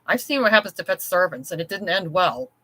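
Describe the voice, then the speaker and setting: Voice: medium pitch, animated, fairly quick, pushed and bright, no echo. A reader voicing a sneering kitchen boy. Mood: mocking. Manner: mocking.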